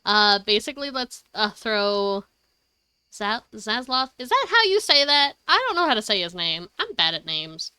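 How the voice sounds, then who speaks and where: A woman streamer chatting casually at home, rambling and excitable, swearing freely. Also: medium pitch, moderate pace, clean tone, no echo, clean studio sound. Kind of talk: casual livestream chat. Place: her home.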